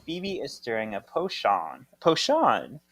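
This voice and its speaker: A man with a fairly low voice reads a plot summary aloud on a podcast. He moves briskly through short, clipped sentences. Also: lively intonation. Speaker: podcast co-host.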